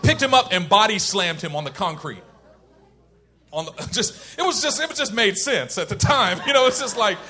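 A man preaching a sermon, shifting between loud emphasis and quiet intensity, and laughing as he tells a personal story. He grew up in Oakland, California. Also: sits high, lively intonation, moderate pace, breathy edge.

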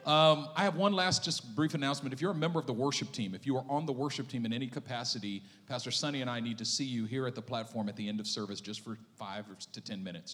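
A man's voice: medium pitch, long reverb tail, a little hiss or hum. A pastor joking with his congregation and telling stories in a sermon. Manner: joking, storytelling, lively. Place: church sanctuary.

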